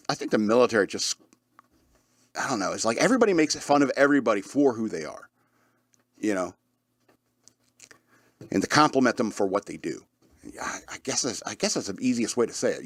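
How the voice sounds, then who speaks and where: A man with a mid-range voice hosts a radio show, heard in clean studio quality with no echo. His talk is a casual, rambling podcast-style chat full of chuckles, fillers and restarts.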